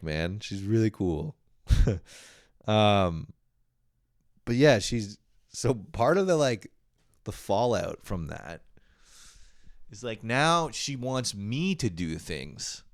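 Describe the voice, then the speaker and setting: Young man, deep voice, lively casual storyteller, swears freely, dry close recording. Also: takes it slowly, pauses often, dry recording. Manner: animated storytelling with exasperated yelps; frequent swearing. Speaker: host. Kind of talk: casual comedic monologue.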